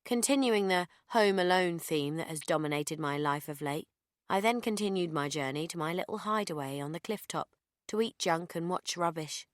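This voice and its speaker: A woman reading a first-person audiobook in a deadpan, sardonic manner. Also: lowish voice, moderate pace, no room sound, studio quality. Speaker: audiobook narrator.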